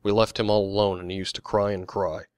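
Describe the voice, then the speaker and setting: A man's voice: on the low side, flat delivery, fast, clean tone, dry recording, natural voice. A man voicing a blunt, sardonic young man in an audiobook, offhand and dry.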